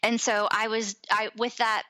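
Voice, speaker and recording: A woman's voice: on the high side, normal speed, rough recording. A woman in her thirties, a podcast guest, telling a personal story in casual chat and acting out the quoted voices. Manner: animated, acts out quoted voices.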